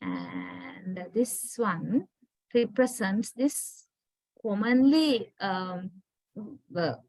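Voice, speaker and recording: A woman's voice: mid-range voice, big pitch swings, drawn-out words, vocal fry, darkish tone, no room sound, rough recording. A Sri Lankan woman lecturing on English phonetics, explaining step by step with frequent tag questions and fillers. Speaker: university lecturer.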